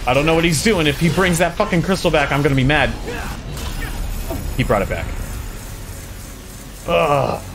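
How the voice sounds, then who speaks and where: Man, animated pitch, cursing let's-play commentary, game music underneath. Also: normal speed, long pauses. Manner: excitable, profane, jokey. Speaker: gamer playing a video game. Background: game soundtrack and sound effects.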